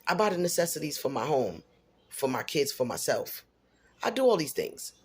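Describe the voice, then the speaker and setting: A woman's voice: sits low, big pitch swings, normal speed, husky. A middle-aged single mother venting in a personal vlog, blunt and emphatic, repeating herself for stress.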